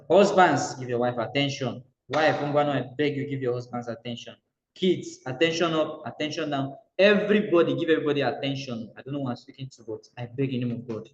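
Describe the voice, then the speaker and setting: A man's voice: mid-range voice, a little hiss or hum. A man with a Nigerian accent leading a motivational coaching session, pressing his points hard and repeating key lines to his listeners. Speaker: business coach. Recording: roomy echo, dull lo-fi sound.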